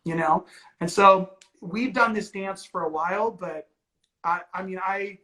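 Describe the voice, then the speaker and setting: A man's voice: sits high, measured pace, bright, forceful tone, poor audio. A man and ministry leader talking candidly and earnestly, with many "like"s and "you know"s. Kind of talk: candid conversational talk.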